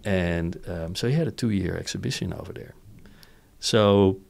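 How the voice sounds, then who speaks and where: Gravelly-voiced Dutch man telling stories. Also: deep voice, normal speed. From Netherlands. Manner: animated, laughs often, says "right?". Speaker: company founder. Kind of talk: casual interview storytelling.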